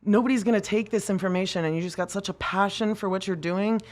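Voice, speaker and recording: A woman guest on a podcast telling her story in a casual, animated way, acting out what people said, swearing and laughing often. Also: mid-range voice, quick pace. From United States.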